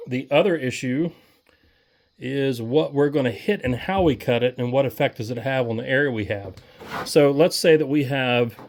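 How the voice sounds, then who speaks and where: A man's voice: medium pitch, darkish tone. A man giving a casual, rambling how-to walkthrough outdoors beside his tractor, with lots of fillers. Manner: folksy, rambling, many fillers. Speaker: equipment vlogger.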